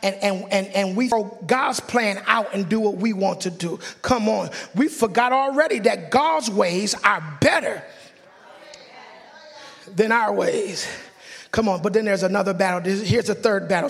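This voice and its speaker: A man preaching a sermon in a church, fervent and joking with the congregation, often breaking into excited yelling. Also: high voice, normal speed, gravelly. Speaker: pastor. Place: church sanctuary. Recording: long church hall reverb.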